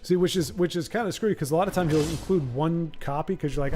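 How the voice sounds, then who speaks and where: A man casually commenting on his card game during a live stream, explaining strategy with quick asides. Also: on the high side, a little mellow, soft background music.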